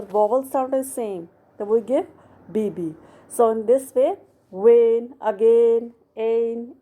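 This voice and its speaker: Slow, patient woman tutor, Indian English. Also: a little high, mellow. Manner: slow, patient, step-by-step explaining. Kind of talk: poem explanation lesson.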